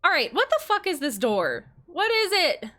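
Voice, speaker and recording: A woman's voice: very high voice, big pitch swings, normal speed, pushed and bright. A young woman streaming a game, chatting casually with viewers, bubbly and swearing freely as she plays. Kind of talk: casual livestream chat while playing.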